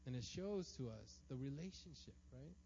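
A man's voice: medium pitch, lively intonation, moderate pace, creaky, warm tone. A man in his thirties, a pastor, preaching a sermon in a chatty storytelling way and often asking "right?". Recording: long hall reverb, dull lo-fi sound, faint hum.

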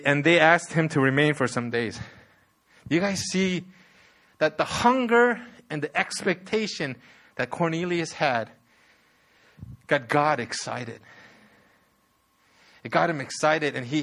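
A man's voice: on the high side, fairly bright tone. A man preaching a sermon, telling the story with animation and asking the audience rhetorical questions.

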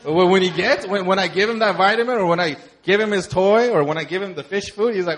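A young adult man preaching a sermon, talking conversationally, with animated storytelling and laughter. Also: sits high, fast. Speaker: pastor.

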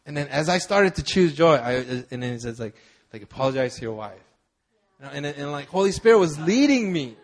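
A man's voice: fairly high pitch, lively intonation, fairly quick. A young man preaching a sermon, telling a personal story with many fillers and repeated words. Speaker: pastor.

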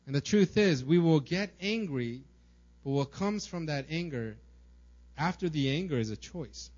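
A young man with a slightly raised pitch delivers a sermon to his church in a casual, conversational way, leaning on fillers and asking "right?" again and again. The recording is muffled and lo-fi. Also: animated, a little slow, darkish tone. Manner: casual, filler-heavy preaching with many "right?" and "like". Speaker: pastor.

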